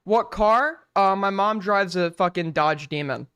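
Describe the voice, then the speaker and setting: Young man host, high voice, smooth and crisp, dry close sound, jokey swearing banter. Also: unhurried, no echo. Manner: loud, jokey, profane banter. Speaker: streamer host. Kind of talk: casual reaction commentary.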